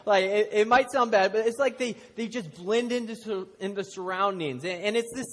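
A man's voice: high voice, moderate pace, a bit bright. A man in his thirties preaching a casual sermon to a congregation, telling stories with self-deprecating jokes. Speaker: pastor. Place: church hall before a congregation. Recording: long hall reverb.

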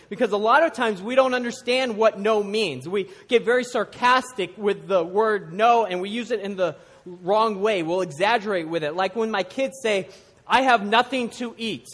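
A middle-aged man from the United States preaching a sermon to a church congregation, animated, swinging from loud emphasis to hushed intensity. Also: sits high. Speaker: pastor. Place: church sanctuary. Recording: long hall reverb.

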